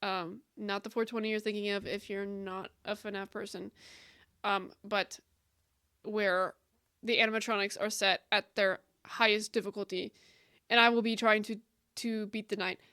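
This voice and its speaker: A woman's voice: medium pitch, flat delivery, moderate pace, bright, forceful tone, clean tone. A woman streamer chatting casually with her viewers on a live stream, giggly and emotional, often breaking into laughter. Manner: emotional and effusive.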